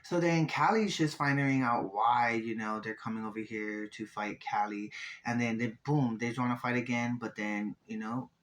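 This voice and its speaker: A man recaps a reality show in a loose, casual way. His talk is profane and animated, full of quick asides and sudden jumps up in pitch as he mocks the cast. His voice sits at a middle pitch for a man. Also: low-quality recording.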